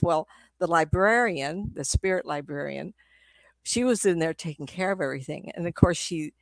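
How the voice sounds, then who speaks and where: A woman's voice: fairly low pitch, dry recording. Rambling middle-aged woman, dry close sound. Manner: rambling, laughs often, acts out quoted voices. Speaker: psychic medium. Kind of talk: casual storytelling talk.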